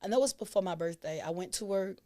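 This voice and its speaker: A woman's voice: mid-range voice, lively intonation, fast, warm tone. A woman, a guest on an interview show, telling stories animatedly and laughing often. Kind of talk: casual interview chat.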